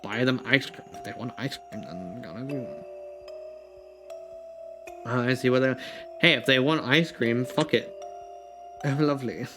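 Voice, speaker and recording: A man's voice: medium pitch, moderate pace, pauses often, music in the background. Rambling male streamer reading quiz questions. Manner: rambling, laughs often, thinks out loud. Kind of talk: casual live-stream chat, reading quiz questions aloud.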